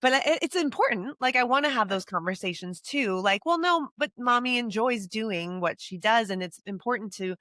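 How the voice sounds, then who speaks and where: A woman's voice: on the high side, expressive, normal speed, few pauses, a bit bright, no room sound. Woman cohost telling a heartfelt story, candid and open, dry close mic. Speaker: podcast co-host and sports broadcaster. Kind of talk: casual chat.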